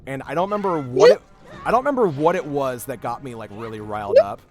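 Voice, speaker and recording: On a game stream, a young streamer and voice actor rambles through stories packed with filler words, cursing a lot once he gets worked up. He talks fast in a fairly high, sing-song voice, with music playing behind him.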